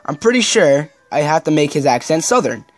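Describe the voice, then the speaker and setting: A man hosting a let's-play video, giving excitable, casual, cussing commentary. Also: a little high, brisk, faint music behind. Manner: excitable, swears, says yo and dude a lot. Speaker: gaming video host.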